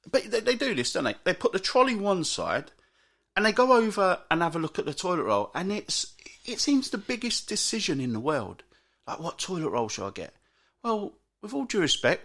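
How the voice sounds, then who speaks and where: A man's voice: high-pitched, gravelly, pushed and bright. A man hosting a solo podcast, grumbling in an exasperated, sarcastic way. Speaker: podcast host. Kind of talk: ranting solo podcast monologue.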